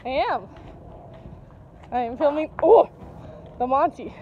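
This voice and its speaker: A woman's voice: sits high, measured pace, pauses often, narrow, tinny audio, slight background noise. A woman walking her dogs outdoors and filming on a handheld camera, chatting to them in a playful, sing-song baby-talk. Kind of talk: casual chat to her pets while filming. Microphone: handheld camera or phone.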